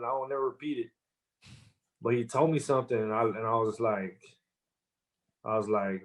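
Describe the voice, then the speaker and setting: A rapper appearing as a podcast guest tells a loose, casual story full of slang and filler words. His mid-range voice moves at a normal speed, broken up by long pauses.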